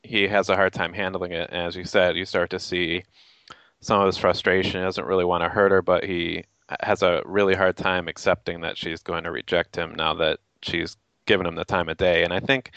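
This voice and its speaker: A man discussing a film in casual chat, speaking in a measured, thoughtful way. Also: sits low, steady tone, a bit bright, no echo. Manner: measured, thoughtful, many backchannels. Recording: dull lo-fi sound.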